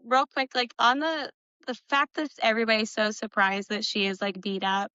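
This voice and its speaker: A woman chats about a book with a bright, forward voice, full of "like" and easy laughter. The sound is dry and a bit dull, like a lo-fi recording. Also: on the high side, clear, resonant tone, dry recording. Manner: chatty, quick to laugh, lots of "like". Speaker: podcast co-host. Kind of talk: book discussion podcast.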